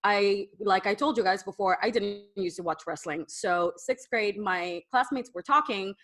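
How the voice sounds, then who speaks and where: A woman's voice: medium pitch, moderate pace, fairly bright tone. A woman co-hosting a wrestling podcast in casual chat, rambling and sighing as she builds her point. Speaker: podcast co-host.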